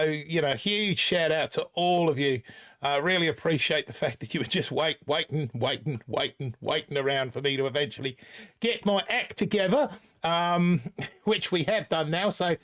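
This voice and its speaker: A man's voice: fairly high pitch, fairly bright tone. Male, 40s, stream host, faked Aussie accent, talkative and meandering, slightly raised voice. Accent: put-on Australian. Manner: chatty, rambling, reads viewer comments aloud. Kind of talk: casual live stream chat.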